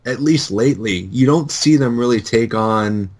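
A man's voice: mid-range voice, moderate pace, darkish tone. A man co-hosting a casual podcast chat, enthusiastic and loose, full of fillers. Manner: enthusiastic fan talk, lots of fillers. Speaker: podcast co-host.

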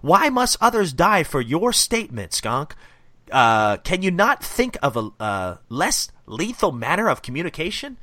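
A man reading aloud the measured, pleading lines of a wise old male rat mentor from a comic. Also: fairly high pitch, big pitch swings, bright, forceful tone, no echo, voice pushed up, full character voice. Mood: reasoning. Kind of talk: read-aloud comic dialogue.

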